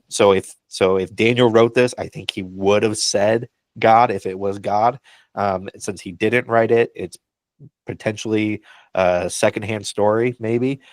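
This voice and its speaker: A man's voice: on the low side, no echo. A man co-hosting a Bible discussion podcast, talking in an encouraging, pastoral way with frequent ums. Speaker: podcast co-host.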